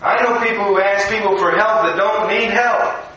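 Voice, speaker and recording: High, bright-voiced man preaching in an echoey room. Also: fairly even intonation, normal speed, recorded from a distance, lo-fi sound. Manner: storytelling, conversational, acts out quotes. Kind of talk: recorded devotional sermon.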